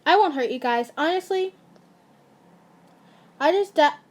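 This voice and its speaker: A cocky young captive talks bluntly and mockingly, as a woman reading aloud voices the part. The voice is high, like a storybook reading. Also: expressive, measured pace. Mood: reassuring.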